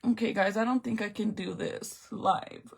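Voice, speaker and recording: A woman's voice: mid-range voice, fairly even intonation, moderate pace, vocal fry, husky. A woman in her thirties chatting casually on a livestream to her viewers, emotional and close to tears. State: tearful. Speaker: livestream host.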